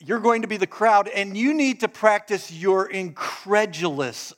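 This pastor preaches in a high, somewhat bright voice, a little slow yet with few pauses. His sermon is relaxed and full of jokes, spoken straight to the congregation, whom he gets involved.

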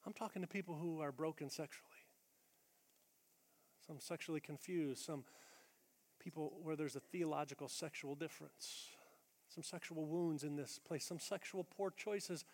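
A man preaching a sermon as pastor, blunt and energetic, swinging between loud emphatic lines and hushed quiet ones. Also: fairly high pitch, moderate pace. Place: large church auditorium. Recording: long reverb of a large hall.

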